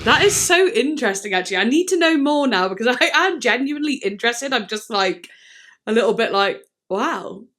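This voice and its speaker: A young woman hosting a music reaction video, talking casually and candidly, swearing freely and thinking out loud with plenty of fillers. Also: on the high side, animated, brisk.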